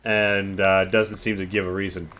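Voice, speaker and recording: A man running a tabletop game as game master, narrating in a relaxed, rambling way with many fillers. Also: low voice, moderate pace.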